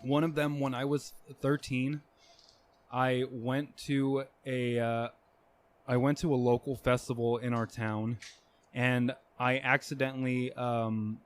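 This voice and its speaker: A man's voice: medium pitch, little pitch movement, slow pace. A young man telling casual stories on a podcast, rambling with lots of fillers and swearing. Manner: rambling, profane, many fillers. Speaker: podcast guest. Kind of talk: casual storytelling.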